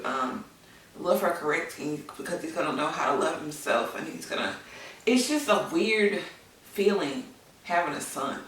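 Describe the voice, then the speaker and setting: A woman's voice: sits low, a bit bright, slight background noise. A woman candidly telling a personal story in a chatty way, with many fillers. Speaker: vlogger, new mother. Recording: echoey room, mic at a distance.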